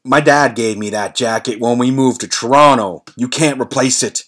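A man's voice: mid-range voice, a little fast, lightly acted. A man voicing a big young man who speaks in a hurt, angry voice. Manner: angry, wounded.

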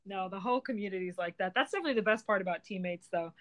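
A woman's voice: mid-range voice, very fast, a bit bright. Upbeat woman hosting a chat. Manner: upbeat, agreeable, chimes in readily. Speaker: host. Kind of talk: casual chat.

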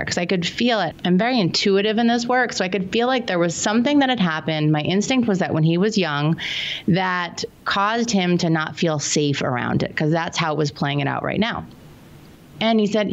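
An earnest woman money coach tells client stories in a fairly low voice, now and then acting out the quotes. Her voice comes through dull and a bit lo-fi. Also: lively intonation, a little fast, creaky. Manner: earnest, anecdotal, acts out quotes. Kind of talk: casual interview storytelling.

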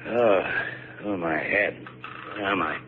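A tough, sardonic skipper in an old radio play, dry and defiant under a gun. The broadcast sound is thin and narrow, with a faint hiss. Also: male voice, deep voice, slow pace. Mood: grim. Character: tough, sardonic male boat owner. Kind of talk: 1950s radio drama acting.

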